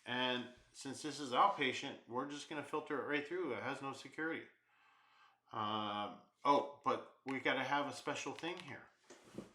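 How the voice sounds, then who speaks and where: A man's voice: mid-range voice, moderate pace, pushed and bright, echoey room. A man teaching programming, thinking aloud and muttering as he works through errors in a live coding walkthrough. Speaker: programming instructor.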